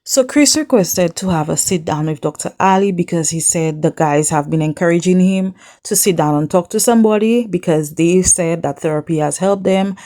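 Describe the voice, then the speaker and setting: A woman hosting a reality TV recap in casual chat, sassy and animated, acting out the people she quotes and speaking straight to the viewer. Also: lowish voice.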